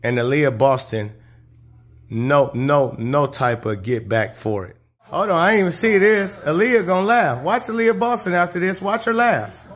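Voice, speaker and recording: A man with a somewhat high-pitched voice talks through basketball clips in casual, slang-heavy speech. He sounds indignant and heated, and his voice jumps higher and louder when he gets outraged. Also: expressive, moderate pace. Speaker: sports commentator. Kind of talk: reaction video commentary.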